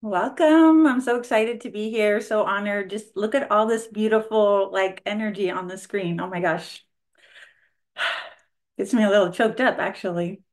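A woman's voice: medium pitch, fairly even intonation, measured pace. Effusive woman from California in her 40s. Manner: effusive, grateful, filler-heavy. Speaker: registered nurse and spiritual practitioner, roundtable guest. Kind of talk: casual chat on a video call. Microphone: video call.

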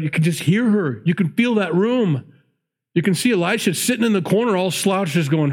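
A man's voice: high voice, animated, moderate pace. A man teaching through a Bible passage in a conversational sermon, laughing often and acting out the people in the story. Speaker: pastor.

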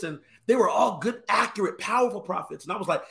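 A man's voice: high voice, quick pace, creaky, hardly any pauses, fairly bright tone. A man, a guest minister, telling a personal story earnestly with stammered restarts. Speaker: guest, apostle. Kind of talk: casual ministry discussion.

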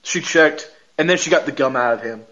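A podcast host retells a TV episode in casual conversation, animatedly quoting the characters and laughing often. He has a mid-range voice, talks a little fast, and the audio sounds lo-fi.

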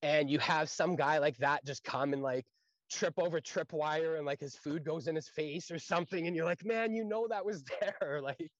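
A man in his thirties, an infantry private, telling stories from training in a casual, animated way, acting out quotes and swearing freely. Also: a little high, moderate pace, no room sound, lo-fi sound. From Canada. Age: 30s. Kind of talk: casual storytelling chat.

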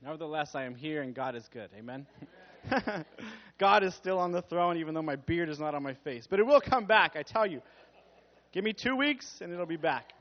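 A young man preaching a casual sermon as pastor, playful and jokey, laughing often and acting out quotes loudly. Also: on the high side, expressive, moderate pace. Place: church. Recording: dull muffled sound.

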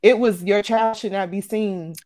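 Woman podcast cohost, lively casual chat, acts out what people say. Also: mid-range voice, moderate pace. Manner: animated, acts out quotes, frequent laughs. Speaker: podcast co-host.

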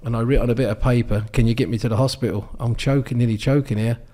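A man's voice: medium pitch, fairly even intonation, fast, mellow. An English man in his sixties, a guest telling rambling anecdotes with many ums and restarts in a casual interview. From England. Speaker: guest, former darts champion.

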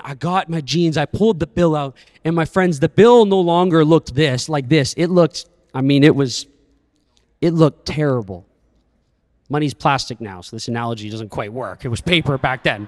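A man's voice: fairly high pitch, normal speed, studio quality. A young man preaching a sermon, telling a story with humor and dramatic flair. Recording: echoey church hall.

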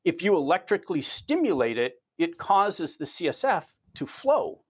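A man, a research scientist, answering interview questions as an animated storyteller who repeats words at the start of phrases. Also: fairly high pitch, normal speed, husky.

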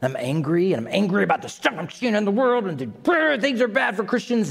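A man preaching a sermon to a congregation, animated and dramatic, with asides to his listeners. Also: sits high, a little fast, vocal fry, few pauses, breathy edge, long reverb tail. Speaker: pastor.

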